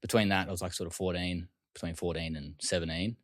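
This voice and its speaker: A man's voice: sits low, steady tone, quick pace, a bit bright, no room sound, studio quality. An Australian man telling his life story as an interview guest, in a loose, casual way with frequent swearing and fillers.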